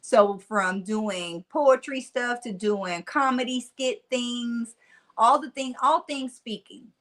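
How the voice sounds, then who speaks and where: A woman in her forties with a Southern country twang, a motivational speaker telling stories in a casual interview, animated and laughing often. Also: a little high, takes it slowly.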